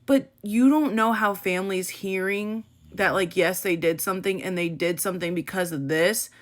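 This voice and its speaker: A woman's voice: mid-range voice, normal speed. A young woman from the Midwest talking candidly in a personal vlog, blunt and emotional, swearing freely and using casual slang. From American Midwest. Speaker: content creator.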